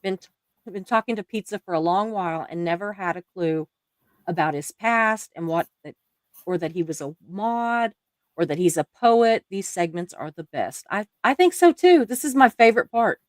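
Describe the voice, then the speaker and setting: A chatty Southern woman hosts a relaxed livestream. She laughs often as she reads out viewer comments. Her voice sits at an average pitch and is recorded dry and close. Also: moderate pace, no room sound. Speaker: livestream host. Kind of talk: casual chat reading viewer comments.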